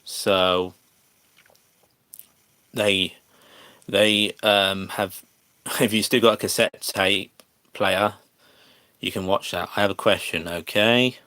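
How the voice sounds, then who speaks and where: A man with an English accent talks to his livestream chat in a slow, unhurried way, pausing and restarting often. His voice sits fairly low and sounds dry and close, with little room around it. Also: steady tone, bright, forceful tone, no echo. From England. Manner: hesitant, many fillers and restarts, chats to viewers.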